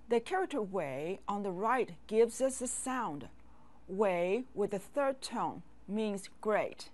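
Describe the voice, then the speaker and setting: A woman teaching a language lesson, speaking with patient, clear classroom delivery and asking learners to repeat after her. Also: medium pitch, a little mellow. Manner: patient, drills words and asks learners to repeat. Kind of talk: slow, clear classroom instruction.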